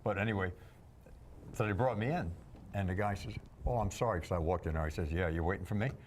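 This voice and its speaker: A man's voice: low voice, quick pace, a little hiss or hum. A man, a bodybuilder and entertainer guest, telling wisecracking anecdotes on a talk show and acting out the voices in them. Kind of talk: joking talk-show storytelling.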